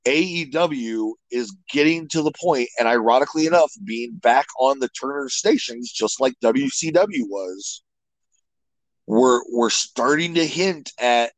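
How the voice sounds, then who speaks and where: A man of middle pitch talks wrestling in an opinionated, rambling way, stopping to restart his sentences. He is close to the mic and the sound is very dry. It comes across as an unscripted podcast chat. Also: animated, measured pace, no echo, low-quality recording. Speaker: guest wrestling commentator. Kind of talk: casual podcast interview.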